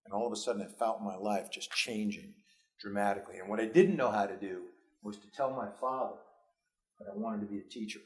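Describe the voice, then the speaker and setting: A man's voice: on the low side, brisk. Earnest New York man telling his story. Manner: earnest, personal storytelling with repeated restarts. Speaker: school superintendent. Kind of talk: motivational speech to students.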